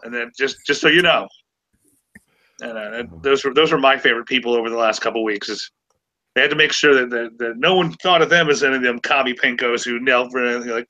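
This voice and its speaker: A man's voice: mid-range voice, fast talker, pushed and bright, low-quality recording. A man in his forties, hosting a podcast, telling stories with sarcasm and plenty of stammered restarts. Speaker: podcast host. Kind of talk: casual chat.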